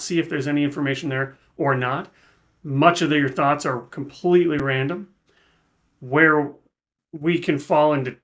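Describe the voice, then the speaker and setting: A man with a mid-range, fairly bright voice hosts a reaction video as casual commentary. He explains ideas thoughtfully and informally, often restarting.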